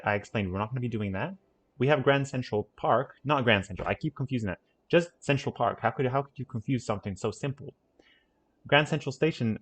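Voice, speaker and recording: A man giving casual let's-play commentary on a city-building game, rambling and correcting himself with playful asides. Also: mid-range voice. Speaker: gaming channel host.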